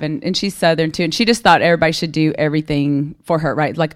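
A fast-talking woman with a low voice shares her recovery story at a meeting. She's candid and conversational and keeps checking in by asking "right?"

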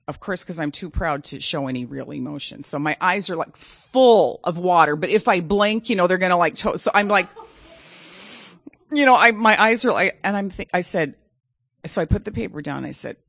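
Animated middle-aged woman telling a story. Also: on the low side, moderate pace, no room sound. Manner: animated, dramatic, self-mocking. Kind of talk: personal storytelling.

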